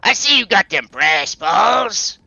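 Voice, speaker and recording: A man voicing a cocky male outlaw who shouts down at his foes from a rooftop. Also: high voice, big pitch swings, fairly quick, gravelly, husky, no room sound, dull audio, voice pushed up, full character voice. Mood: bold shouting.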